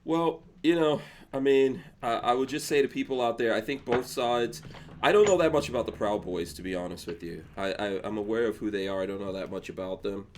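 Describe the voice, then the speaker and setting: A man chatting as a podcast guest in a measured, hesitant way, often restarting his sentences. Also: fairly low pitch, slight background noise. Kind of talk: casual chat.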